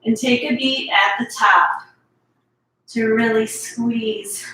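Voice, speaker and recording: Woman fitness instructor, bright voice, encouraging, chatty, echoey room, away from the mic. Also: fairly high pitch, steady tone, slow pace, distant mic, slight background noise. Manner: encouraging, chatty, breathy between sets. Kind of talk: workout instruction.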